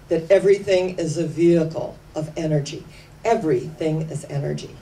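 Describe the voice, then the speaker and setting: A woman giving an inspirational sermon, telling stories with slow, emphatic phrasing that sometimes sinks to hushed tones. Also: sits low. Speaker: spiritual speaker. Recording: distant mic with faint background noise.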